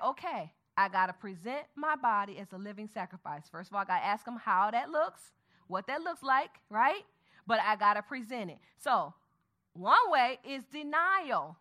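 A woman teaching a Bible study method, prompting her audience with questions and murmuring softly as she skims the passage. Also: high voice. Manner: call-and-response questions to the audience; murmurs softly while skimming the text aloud.

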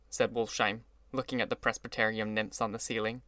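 A man narrating an audiobook in a measured storytelling voice. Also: mid-range voice, steady tone, pushed and bright, no echo. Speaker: audiobook reader. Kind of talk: scripted narration.

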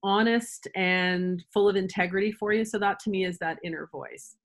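A woman's voice: medium pitch, moderate pace. A woman chiropractor, a guest on an interview show, explaining ideas thoughtfully, searching for words and restarting phrases as she goes. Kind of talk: conversational interview answers.

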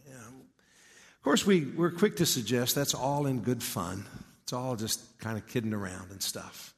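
A man's voice: mid-range voice, normal speed. A man with a Texan accent giving a conversational sermon in a folksy, storytelling manner. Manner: folksy, storytelling, with many asides. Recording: long hall reverb.

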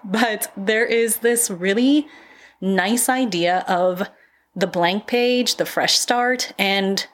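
A woman's voice: mid-range voice, takes it slowly. A woman hosting her own writing podcast, talking casually into a microphone in a chatty, self-deprecating way and laughing easily. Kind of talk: casual solo podcast chat.

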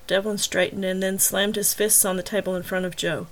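A woman narrates her own serialized novel, chapter by chapter, at a measured and even pace. Her voice sits at a middle pitch for a woman and stays steady through the narration. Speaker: author and audiobook narrator.

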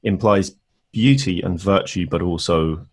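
Deep-voiced man in a thoughtful book talk. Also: a little slow, breathy edge. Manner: thoughtful, hesitant with frequent fillers. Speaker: podcast co-host discussing a classic novel. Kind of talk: casual literary discussion.

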